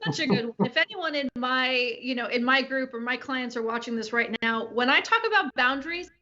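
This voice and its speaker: A woman co-hosting a live-streamed talk show talks in a quick, casual way and laughs often. Her voice is high and bright. The stream audio sounds muffled and lo-fi. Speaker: co-host and coach.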